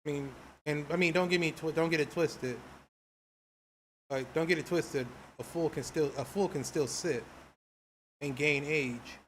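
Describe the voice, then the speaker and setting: A man's voice: fairly high pitch, a little slow, long pauses, a bit bright, a little hiss or hum. A man livestreaming while a game downloads, chatting casually, rambling and restarting his sentences, and greeting viewers in chat. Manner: rambling, repeats himself, restarts phrases.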